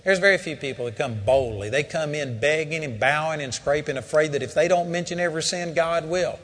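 Older man, preacher, sermon, slightly high voice, storytelling, emphatic. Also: a bit bright. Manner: storytelling, rising to emphatic exhortation.

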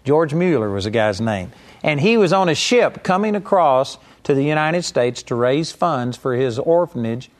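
A man's voice: mid-range voice, animated, normal speed. A man preaching a teaching sermon, earnest and direct, with a live audience present. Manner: earnest, mimics whiny pleading voices in quotes.

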